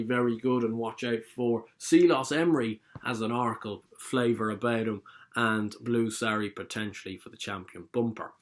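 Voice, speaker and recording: A man's voice: medium pitch, fairly bright tone. A man giving his casual, opinionated views on the week's horse racing, often correcting himself mid-sentence. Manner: chatty, opinionated, self-correcting. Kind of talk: casual solo racing talk.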